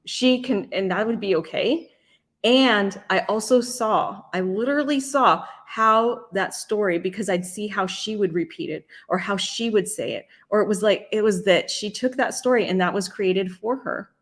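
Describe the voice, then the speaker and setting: A middle-aged woman talks to her live-stream viewers in a loose, chatty way. She often circles back and restarts her sentences. Her voice sits at an ordinary, mid-range pitch. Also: normal speed. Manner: chatty, rambling, frequent restarts. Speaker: host and life coach. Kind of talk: casual live-stream talk.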